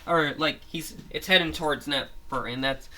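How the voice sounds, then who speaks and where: A man's voice: fairly high pitch, moderate pace, bright, forceful tone. A man casually retelling a monster story of his own, rambling with frequent restarts and fillers, at home with his grandmother nearby.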